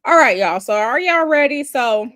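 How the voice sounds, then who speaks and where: A woman's voice: high-pitched, expressive, normal speed, a bit bright, no echo, studio quality. A woman hosting a casual livestream, chatty and sassy, calling her viewers y'all and baby. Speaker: livestream host.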